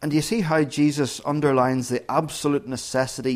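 Brisk and steady in tone, his voice sits on the high side as he preaches. He speaks earnestly and emphatically, restarting phrases often and abruptly raising volume on key words.

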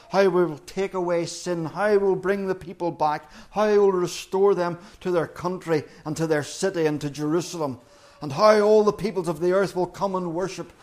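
A man preaching a sermon in an earnest, deliberate way, repeating key phrases for emphasis. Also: high-pitched, a little mellow. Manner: earnest, emphatic repetition with slow deliberate pauses.

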